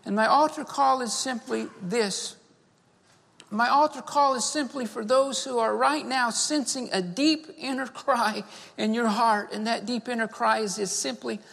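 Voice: medium pitch, measured pace, vocal fry, fairly bright tone. A pastor preaching a sermon and leading an altar call, fervent, repeating key phrases and punctuating them with "amen" and "beloved.". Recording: long reverb of a large hall.

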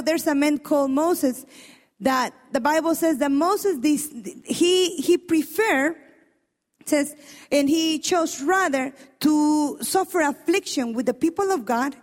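A woman preacher with a high voice, delivering an emphatic, animated sermon. She questions her listeners directly and exclaims often. Her words ring through a large church hall with a long reverb.

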